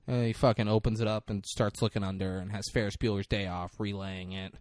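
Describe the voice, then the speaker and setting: A man's voice: on the low side, level tone, brisk, hardly any pauses, darkish tone, dry recording, clean studio sound. A man co-hosting a podcast, recapping a film in casual chat and swearing often. He acts out the characters as he tells it. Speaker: podcast co-host.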